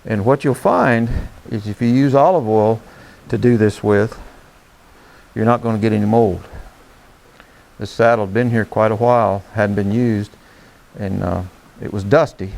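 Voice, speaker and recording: This is a low-leaning, gravelly voice with a darkish tone, moving at a moderate pace. The speaker, a horsemanship instructor, demonstrates saddle care by his horse, keeping it folksy and plain and checking in with "okay?"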